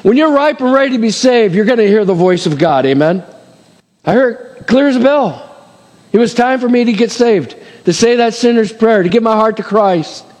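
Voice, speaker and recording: A man's voice: high-pitched, expressive, normal speed, darkish tone, big-room sound. A man preaching a sermon, reading scripture aloud and acting out the voices with dramatic swings and chuckles. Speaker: pastor.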